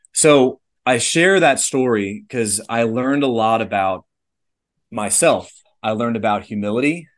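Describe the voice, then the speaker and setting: A man in his thirties telling a personal story in a casual interview, earnest and rambling, with lots of "like" and "legit". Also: fairly low pitch. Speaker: podcast guest, airline pilot.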